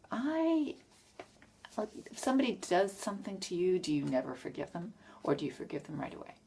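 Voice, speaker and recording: Low, gravelly woman vlogger. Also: sing-song, normal speed, long pauses, dark tone, a little hiss or hum. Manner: frank, self-correcting, trails off. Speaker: vlogger answering tag questions. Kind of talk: casual rambling monologue.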